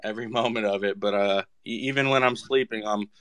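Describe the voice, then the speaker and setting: A man with a smooth, low voice talks casually on an online audio call. He repeats words and lets sentences trail off. The recording is dry, with no room sound. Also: steady tone, fairly quick, fairly bright tone, no echo.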